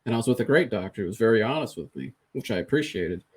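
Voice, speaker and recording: A man's voice: on the low side, lively intonation, quick pace, slightly rough. Man candidly retelling a personal story. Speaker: podcast host. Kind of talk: casual conversational storytelling.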